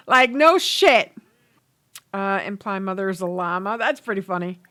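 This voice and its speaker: A woman's voice: mid-range voice, animated, moderate pace, bright, forceful tone. A woman hosting a casual let's play, chatting freely and swearing as she narrates the game. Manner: chatty, swears, laughs, voices characters. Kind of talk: casual gameplay commentary.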